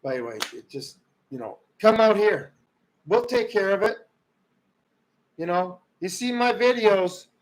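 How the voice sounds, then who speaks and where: A man hosting a livestream, ranting about politics in a heated way, swinging from loud outbursts to low muttering. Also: lively intonation, a little slow, long pauses, low-quality recording. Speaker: livestream host. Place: rural home.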